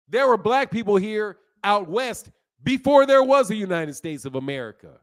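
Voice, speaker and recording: A high-pitched man lecturing his livestream chat. He talks heatedly and uses loose slang. He repeats words over and over as he drives his point home. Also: lively intonation, moderate pace. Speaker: livestream host. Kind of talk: casual livestream talk, answering chat.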